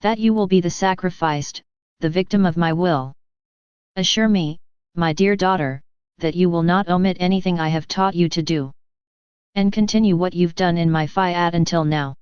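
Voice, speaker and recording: A woman reading the words of Jesus as a tender, grave male divine voice, in a slow, solemn, consoling manner. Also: fairly low pitch, darkish tone, smooth, dry recording, lightly acted. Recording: slightly dull, dry close recording.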